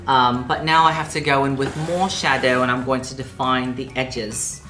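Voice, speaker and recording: A man's voice: mid-range voice, steady tone, normal speed, over music. A man in drag hosting a comedic makeup tutorial, campy, playful and self-mocking. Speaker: drag queen host.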